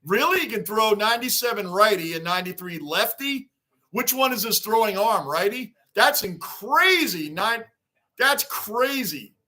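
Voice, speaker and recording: A man's voice: high-pitched, big pitch swings, measured pace, bright, forceful tone. A man hosting a casual sports livestream, chatting loosely, greeting viewers by name and repeating his points. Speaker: livestream host reading fan chat.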